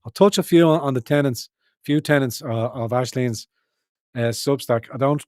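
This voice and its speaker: A man's voice: medium pitch, moderate pace, a little mellow, no room sound, studio quality. A man hosting a livestream, delivering rambling political commentary in an emphatic, profane way with many restarts. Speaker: livestream host.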